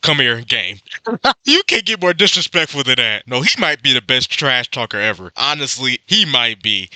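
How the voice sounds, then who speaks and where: A young man hosting a reaction video, talking in an excitable, slangy way and laughing often. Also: medium pitch, normal speed, no echo. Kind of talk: casual reaction commentary.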